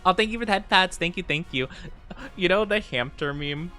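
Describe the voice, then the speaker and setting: During a game livestream, a man chats casually with his viewers, rambling and filling pauses with lots of fillers. His high, expressive voice is brisk, bright and forceful, and faint music plays behind him.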